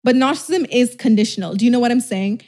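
A woman hosting a podcast, telling a personal story in a fast, emphatic, rambling way with casual cussing, close to the mic. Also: fairly high pitch, darkish tone. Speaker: podcast host.

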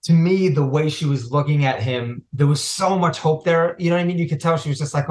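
A man's voice: on the high side, fairly quick, few pauses, a little mellow. A man who is a guest on a podcast, chatting casually in an earnest way and trading teasing banter. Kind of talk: casual chat recap.

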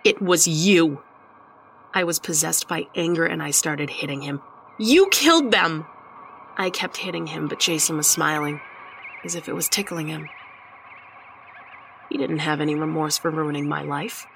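A woman's voice: deep voice, flat delivery, moderate pace, vocal fry, fairly bright tone, slight background noise. A woman narrating a horror story in the first person, with a tense, dramatic reading. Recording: music behind the voice.

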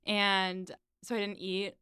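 A smooth-voiced woman chatting about a book. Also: mid-range voice, level tone, takes it slowly, bright, forceful tone, dry recording, clean studio sound. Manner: chatty recapping, slipping into quoted voices. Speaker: podcast co-host. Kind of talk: casual book discussion.

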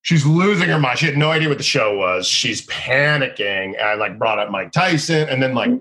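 A man in his thirties, a comedian guest, telling stories casually and acting out people in high excited bursts. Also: brisk. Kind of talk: casual storytelling.

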